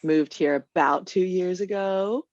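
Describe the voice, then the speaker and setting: Relaxed American woman, low and dry. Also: a little slow, no room sound, highs cut off. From Austin, Texas, United States. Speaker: guest. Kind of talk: casual podcast chat.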